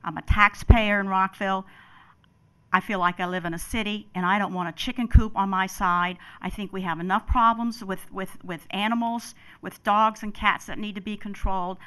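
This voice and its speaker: A woman's voice: medium pitch, fairly even intonation, moderate pace, a bit bright, smooth. An older woman testifying at a public hearing, emphatic and emotional, often repeating herself.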